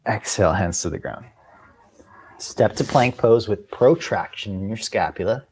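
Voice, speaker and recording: A man teaching a yoga class, cueing breaths and movements in a relaxed way, now and then clearing his throat. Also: on the low side, normal speed. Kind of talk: guided yoga class instruction.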